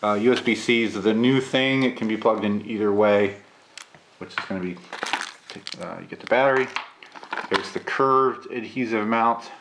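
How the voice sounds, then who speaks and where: A man getting over a cold, with a gravelly voice, chatting casually through a camera unboxing and review, with lots of filler "uh"s. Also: on the low side, moderate pace, noisy background. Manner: relaxed, chatty, many filler "uh"s.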